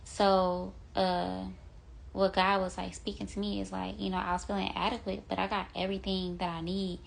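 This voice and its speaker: A woman's voice: medium pitch, little pitch movement, normal speed, vocal fry. A young woman giving an earnest, rambling devotional talk into her phone, full of "like" and "you know". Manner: earnest, rambling, heavy use of 'like' and 'you know'. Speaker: vlogger sharing a devotional message.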